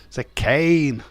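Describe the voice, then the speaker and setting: A man hosts a casual wrestling watch-along stream, joking with his chat, reading viewer comments aloud and laughing often. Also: fairly high pitch. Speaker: livestream host.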